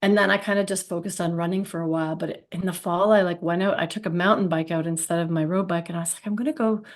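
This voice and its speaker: A woman's voice: on the low side, steady tone, fast talker. A woman in her thirties, a podcast guest, telling a personal story in a chatty way with many restarts. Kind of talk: casual storytelling.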